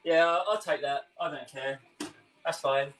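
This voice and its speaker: A man's voice: fairly high pitch, steady tone, unhurried, a bit bright, low-quality recording. A young man with a London-tinged English accent, a chef chatting and laughing with viewers during a live cooking stream. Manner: chatty, laughs often, answers viewer comments.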